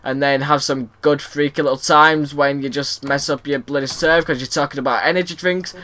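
Excitable young gamer guy, bright. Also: a little high, brisk. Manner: excitable, rambling, shouts at the game. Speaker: gaming video host. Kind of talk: casual game commentary.

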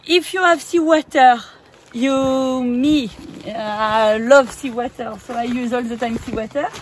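A woman with a French accent, a native French speaker, giving casual wellness tips in a hesitant, halting way with many fillers and frequent laughs. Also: a little high, a little hiss or hum. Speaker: wellness coach. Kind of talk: casual instructional vlog.

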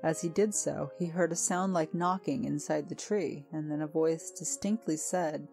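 A woman narrating a storybook tale in a calm, measured reading. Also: low-pitched. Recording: faint music behind.

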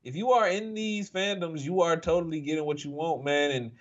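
A man's voice: a little high, fairly quick, dull audio. A man co-hosting a casual talk show, laid back and slangy, calling his friend bro and dog. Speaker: podcast co-host. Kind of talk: casual chat.

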